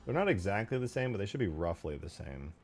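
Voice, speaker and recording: Man, casual livestream chatter, low voice, swings from quiet muttering to loud excited thanks. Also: fast talker, soft background music. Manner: mutters quietly while working, then bursts out loudly thanking viewers. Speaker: streamer and game modder. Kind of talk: casual livestream commentary while 3D modeling.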